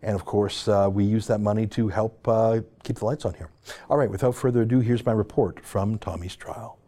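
A middle-aged Canadian man hosting a podcast, talking in a brisk, chatty and self-mocking way. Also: on the low side, steady tone, mellow. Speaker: podcast host. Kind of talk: podcast monologue and field report.

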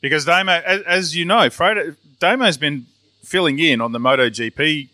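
A man's voice: a little high, moderate pace, sharp tone, no echo. An Australian man co-hosting a live podcast, joking and swearing in front of an audience. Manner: cheeky, profane. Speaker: podcast co-host.

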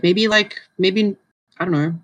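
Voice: mid-range voice, unhurried, a bit bright, no echo. A podcast co-host in casual chat, musing tentatively and hedging ideas.

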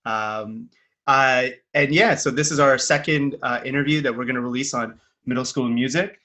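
Bright-voiced podcast host, man. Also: mid-range voice, moderate pace. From Canada. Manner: friendly, joking banter. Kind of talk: casual interview.

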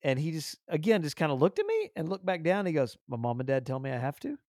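Animated male podcast host, slightly high. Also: fast, no echo, studio quality. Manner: animated storyteller, acts out dialogue, repeats words. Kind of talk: casual storytelling interview.

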